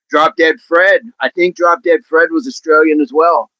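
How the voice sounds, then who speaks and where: A man's voice: on the high side, fairly even intonation, takes it slowly, sharp tone, no room sound, highs cut off. A man hosting a casual fitness livestream, chatting with viewers in a rambling way and laughing often.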